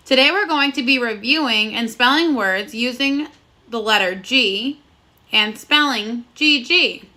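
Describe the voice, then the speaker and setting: A woman leads a phonics lesson for young children in a high, bright voice. She speaks slowly and clearly, sounding out words one by one. Her tone stays encouraging throughout. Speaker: first grade teacher.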